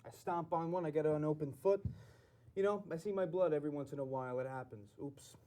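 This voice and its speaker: A man's voice: fairly high pitch, fairly quick, dark tone, close to an everyday voice. A man playing a nervous, simple-minded forty-one-year-old mechanic with a New Jersey accent who rambles and repeats himself. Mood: rambling. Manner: rambling, fidgety, repetitive. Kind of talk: comedy sketch acting.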